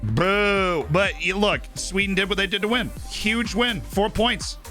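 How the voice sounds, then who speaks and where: A man's voice: sits high, normal speed, sharp tone, faint music behind. A man hosting a live stream, chatting casually about football and rambling with lots of "right?" and "like". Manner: rambling, tags "right?" and "like" often.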